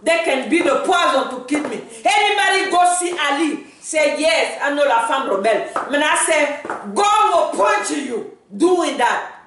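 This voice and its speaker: A woman from Gabon with a Gabonese accent, giving an impassioned video statement, pleading and breaking into shouts. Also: high-pitched, expressive, measured pace, a little hiss or hum. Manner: fervent, pleading, bursts into shouting. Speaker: political activist. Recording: very echoey room, voice far from mic.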